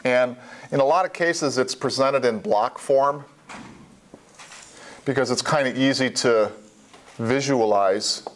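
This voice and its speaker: A man's voice: medium pitch, slow pace, long pauses. A man lecturing a college statistics class in a classroom. He explains step by step in a plain voice and repeats the key points, with small asides along the way. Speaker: statistics instructor.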